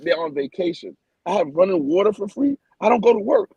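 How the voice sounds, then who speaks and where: A man's voice: high-pitched, big pitch swings, fairly quick, few pauses, darkish tone, husky, dry recording, highs cut off. A man co-hosting a casual podcast, talking emphatically and opinionatedly, often repeating and restarting his words.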